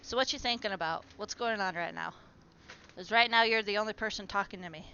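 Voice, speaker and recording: A woman talks casually on a live stream, addressing both her plants and her viewers at home. Her voice is medium in pitch, fairly quick, bright and forceful. The stream audio sounds muffled and lo-fi, with faint noise.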